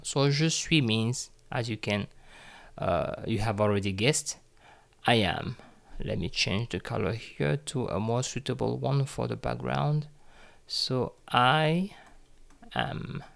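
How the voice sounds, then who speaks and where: Man, language teacher, slow deliberate delivery, mid pitch, repeats phrases. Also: creaky. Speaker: French teacher. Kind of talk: slow, careful language lesson.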